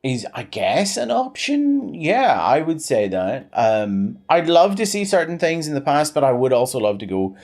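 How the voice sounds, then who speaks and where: A man's voice: big pitch swings, moderate pace, hardly any pauses, a little mellow. A man in his thirties chatting on a live game stream, rambling with many fillers and restarts. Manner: pitch swings widely.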